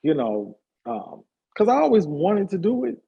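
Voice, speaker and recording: A man in his fifties, a hairstylist and party promoter, telling his life story in a relaxed interview with lots of fillers. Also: sits high, normal speed, creaky, slightly rough, muffled recording. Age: 50s. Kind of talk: casual conversational interview.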